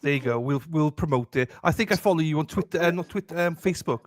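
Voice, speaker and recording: A man co-hosts a live stream, upbeat and affectionate, reading viewers' names and comments aloud in casual chat. His voice sits a little high and moves fast, and the recording is dry.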